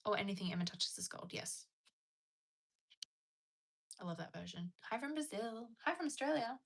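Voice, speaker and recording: A woman's voice: medium pitch, lively intonation, moderate pace, vocal fry. A young woman hosting a casual livestream from home, chatting and answering viewer comments. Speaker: livestream host. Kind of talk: casual live-stream chat.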